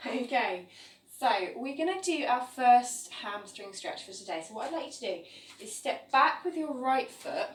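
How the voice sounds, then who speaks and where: A woman's voice: fairly high pitch, moderate pace. Echoey woman cueing a yoga class. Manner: calm step-by-step cueing of poses. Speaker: yoga teacher. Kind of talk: guided yoga class instruction. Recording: echoey room, voice from a distance, faint ambience.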